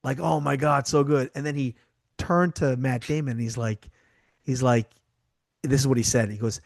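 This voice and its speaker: A man's voice: medium pitch, fairly even intonation, moderate pace, gravelly, no echo. Chatty man with a dry sound. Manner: chatty, trails off and restarts, tells anecdotes. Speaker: podcast co-host. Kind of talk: casual chat.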